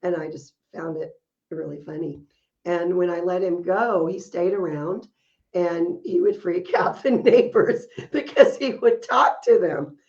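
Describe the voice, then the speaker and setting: A woman's voice: lowish voice, a little slow, a little mellow, lo-fi sound. A woman co-hosting a podcast, telling stories in casual chat and laughing often as she talks. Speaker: podcast co-host.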